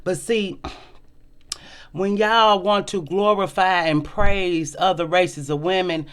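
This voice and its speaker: A woman hosting a casual commentary vlog, talking bluntly and profanely, and acting out quoted people with big jumps in pitch. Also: fairly even intonation, takes it slowly, smooth. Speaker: host.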